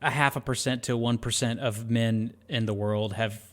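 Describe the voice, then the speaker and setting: A man's voice: mid-range voice, steady tone, moderate pace. A man in his thirties co-hosting a casual movie podcast, rambling and joking with lots of fillers. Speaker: podcast co-host.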